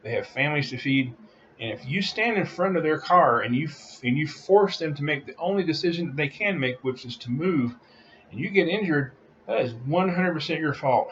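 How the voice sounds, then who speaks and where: A man's voice: fairly high pitch, expressive, moderate pace, a bit bright, highs cut off, a little hiss or hum. A man delivering a heated, repetitive opinion rant as a vlogger.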